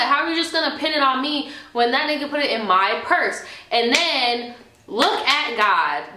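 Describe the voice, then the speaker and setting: Woman vlogger, animated profane storytime, bright higher voice, echoey room. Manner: animated, profane retelling with acted quotes. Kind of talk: casual storytime.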